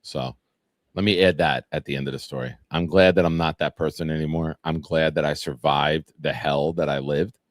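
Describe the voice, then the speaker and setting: A man's voice: a bass voice, fairly even intonation, moderate pace, dry recording, clean studio sound. A man, hosting a sports talk show and chatting loosely, rambling through profane stories and fan comments. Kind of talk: casual live-stream chat reading fan comments.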